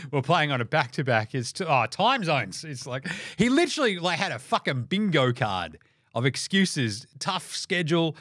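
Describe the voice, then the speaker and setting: A man's voice: fairly high pitch, big pitch swings, moderate pace, fairly bright tone, no room sound. A young Australian man hosting a sports podcast, ranting in a profane, mocking way on a close mic. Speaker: podcast host. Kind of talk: casual sports rant.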